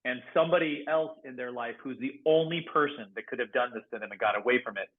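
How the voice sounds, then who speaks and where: Man, former swat negotiator, animated storytelling, mid-pitched voice, tinny phone-like sound. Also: fast talker. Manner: animated storyteller, laughs often, acts out quotes loudly. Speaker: guest, former SWAT negotiator and security professional. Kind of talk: casual podcast storytelling. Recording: phone-like narrow band audio.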